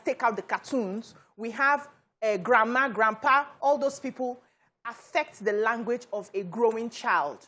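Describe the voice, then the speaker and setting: A Nigerian woman on a studio panel show with a slightly high voice. She lays out her argument earnestly and step by step. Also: a bit bright, breathy edge. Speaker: talk show co-host.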